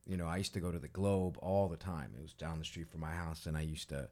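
A deep-voiced Chicago man talks easily in a podcast chat, reminiscing about old comedy haunts. His delivery is loose and unhurried. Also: steady tone, a little mellow. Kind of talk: casual chat.

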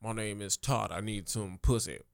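Brief: sleazy low-key lewd braggart, hushed deadpan, put on by a male comic. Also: moderate pace, gravelly, no room sound. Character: sleazy man named Todd, crude braggart.

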